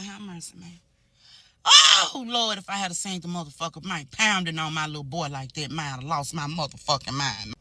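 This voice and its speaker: A woman ranting angrily to her phone camera in a heated, profane reaction, swinging between shouts and low mutters. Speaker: social media commentator. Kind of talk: angry reaction rant to camera.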